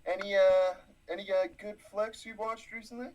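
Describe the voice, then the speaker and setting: A man's voice: high voice, flat delivery, moderate pace, darkish tone, lo-fi sound. Rambling, hesitant podcast guy. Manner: rambling, hesitant, lots of ums. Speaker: podcast co-host. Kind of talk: casual podcast banter.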